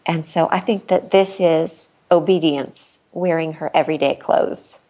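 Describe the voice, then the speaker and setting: A woman's voice: deep voice, a little slow, warm tone. A middle-aged woman, a podcast guest, telling a personal story in a candid, earnest way and laughing now and then. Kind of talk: personal storytelling in casual chat.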